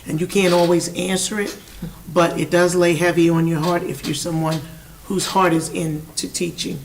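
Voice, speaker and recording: A hoarse woman speaking as a board member at a meeting, halting and full of fillers. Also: fairly low pitch, little pitch movement, far from the mic, a little hiss or hum, low-quality recording. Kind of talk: meeting remarks.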